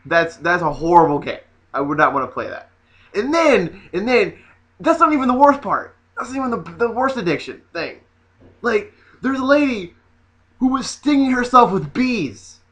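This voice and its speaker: A man vlogging in a casual comedic rant, sassy and animated with mocking asides. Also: high voice, normal speed.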